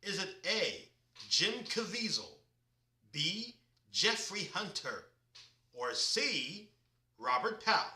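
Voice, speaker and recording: A talkative man with a drawl hosts a casual quiz on a live stream and reads out the viewers' names and guesses. His voice is high, bright and lively, and he takes his time. It was recorded in an echoey room with him sitting back from the mic. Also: slow pace, pauses often, far from the mic. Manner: chatty, reads viewers' names and comments aloud.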